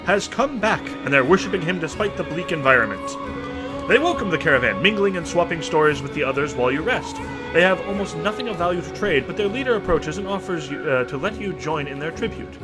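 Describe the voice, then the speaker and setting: A man's voice: fairly high pitch, lively intonation, brisk. A man reading game dialogue aloud in a casual playthrough, reacting with laughs and groans. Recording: soft game music behind.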